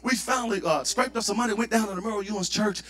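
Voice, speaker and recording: A male pastor with a Southern US accent, preaching a sermon and building to shouted fervor. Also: sits high, quick pace.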